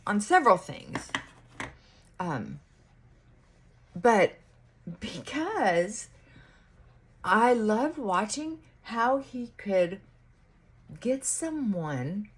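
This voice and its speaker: A woman chatting casually to camera while getting ready, musing aloud with pauses and restarts. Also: mid-range voice, sing-song, husky. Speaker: vlogger. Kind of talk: casual get-ready-with-me chat.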